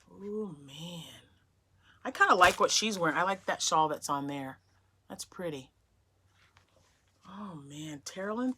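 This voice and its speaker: Casual home vlogger, woman, low-ish but bright tone, gushing and excitable with soft whispered asides, phone on tripod at a desk. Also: a little hiss or hum. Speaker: crochet vlogger. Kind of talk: casual chat, unboxing happy mail. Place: home craft room at her desk. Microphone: phone on a mini tripod.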